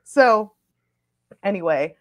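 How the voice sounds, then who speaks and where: A woman's voice: mid-range voice, expressive, takes it slowly. A young woman, a podcaster and author, telling a rambling story on a casual live stream and breaking into laughter often.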